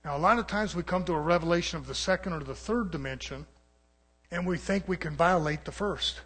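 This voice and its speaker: A man preaching a fiery, confrontational sermon, swinging between muttered asides and shouting. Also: a little high, a little fast.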